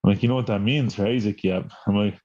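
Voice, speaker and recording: A young man with a mellow, darker voice tells a long, profane road-trip-style anecdote in loose podcast chat, slipping into other people's lines as he goes. The audio is slightly dull and lo-fi. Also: lowish voice, fast. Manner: profane, rambling, acts out quoted dialogue. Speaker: podcast co-host. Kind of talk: casual storytelling chat.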